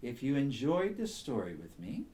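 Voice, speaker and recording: A man reading a bedtime story aloud to children in a soothing, very expressive way. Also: medium pitch, moderate pace, slight background noise.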